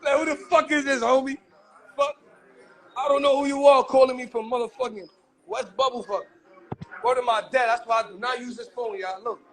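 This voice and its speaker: Young-sounding man with a very high voice, loose and rowdy, casual livestream talk. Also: steady tone, fairly quick. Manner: rowdy, laughing, swearing banter.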